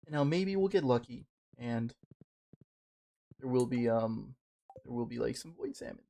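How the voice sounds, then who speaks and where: Gravelly, foul-mouthed gaming man. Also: mid-range voice, unhurried, slight background noise. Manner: profane, excitable, talks to the game. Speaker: gaming streamer. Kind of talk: casual gameplay commentary.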